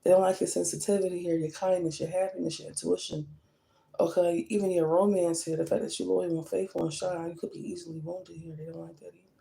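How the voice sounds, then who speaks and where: Tarot reader lady, gravelly fry in her voice, blunt, keeps saying okay? to the viewers. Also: lowish voice, level tone, fast talker, dark tone, poor audio. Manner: blunt and emphatic, checks in with "okay?". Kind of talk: tarot reading to camera.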